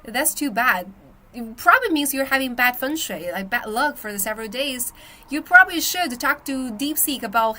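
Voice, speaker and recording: Chatty woman streaming, bright voice. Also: on the high side, lively intonation, moderate pace. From China. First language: Chinese. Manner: chatty, reads out viewer comments, frequent "my friend" and "yeah". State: recovering from illness, coughing. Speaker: livestream host. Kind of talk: casual live-stream chat.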